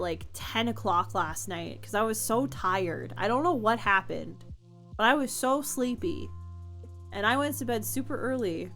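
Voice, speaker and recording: A woman's voice: mid-range voice, a bit bright. A young woman streamer chatting casually with her chat from home, answering comments and laughing often.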